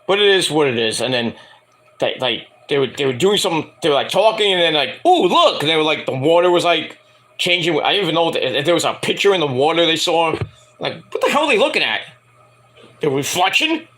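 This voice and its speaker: Bright-toned man ranting casually. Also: a little high, animated, fairly quick. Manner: rambling, profane, mocking rants. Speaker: wrestling show reviewer. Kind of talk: casual review vlog.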